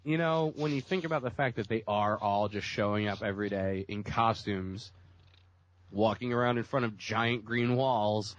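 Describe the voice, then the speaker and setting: A man's voice: lowish voice, moderate pace, no room sound, dull audio. Chatty man with a cold. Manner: rambling, laughs often. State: has a cold. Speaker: podcast co-host. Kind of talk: casual chat.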